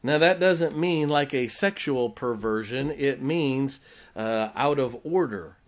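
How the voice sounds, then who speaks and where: A man's voice: medium pitch, animated, slow. A man preaching a sermon, retelling a Bible story in a folksy way and chuckling often as he goes.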